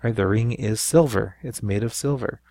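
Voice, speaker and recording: A man with a low voice explains grammar in a recorded lesson. He walks through each point patiently, often pausing to ask "right?". The sound is close and dry. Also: mellow, dry recording. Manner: explanatory, repeats with frequent "right?". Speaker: Spanish teacher.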